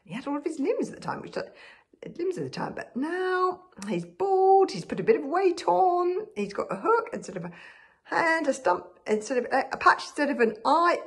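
As a woman reads it aloud, a big, sheepish bodyguard talks in an earnest, rambling way. His storybook voice swings lively up and down, with a gravelly edge. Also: sits high, normal speed, voice pushed up. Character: big, sheepish, good-hearted male bodyguard.

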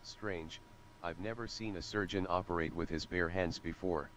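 A man's voice: low voice, steady tone, normal speed, a bit bright, low-quality recording. A man playing a wary male surgical assistant who dryly questions the surgeon. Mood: doubtful.

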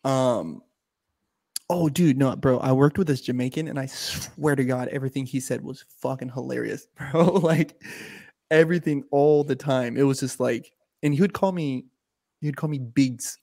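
A man co-hosting a casual livestreamed podcast, telling stories in an animated way, laughing and swearing often. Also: mid-range voice, normal speed, creaky. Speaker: podcast co-host.

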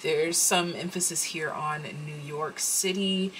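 Casual woman tarot reader with a low voice, rambling delivery, faint background hiss. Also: steady tone, slow pace, hardly any pauses, fairly bright tone, rough recording. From United States. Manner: rambling, thinks aloud with many fillers.

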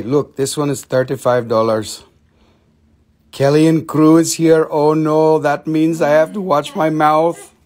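A man's voice: on the high side, darkish tone. A man selling rocks and minerals on a live stream, chatting in a playful, goofy, joking way. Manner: playful, goofy, clowning salesman banter. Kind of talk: joking live sales chat.

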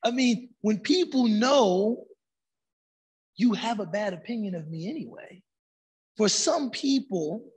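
A man with a high, slightly husky voice talks as a podcast guest. He is relaxed and conversational, drops in Arabic phrases, and often affirms what the host says. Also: a little slow, long pauses.

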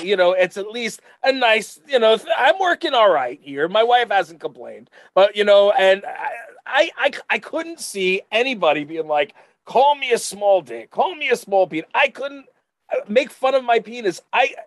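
Guy hosting a podcast, high voice, keeps tripping over his words, dry close sound. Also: very animated, moderate pace, fairly bright tone, no echo. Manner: stammering, repeats himself, chuckling. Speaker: podcast host. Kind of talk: casual podcast chat.

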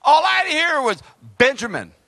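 A male pastor preaching an impassioned sermon, breaking into shouts. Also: sits high, big pitch swings, normal speed, no echo. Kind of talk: fiery sermon.

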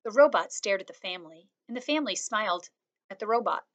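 A woman reading a children's novel aloud, one chapter after another. Her delivery is calm and steady, in a voice of ordinary middle pitch. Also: fast talker. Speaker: reader.

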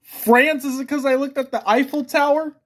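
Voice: high voice, steady tone, normal speed, slight background noise, voice pushed up, natural voice. A performer voicing a hyper, mischievous young boy who bursts into squealing outbursts. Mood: eager.

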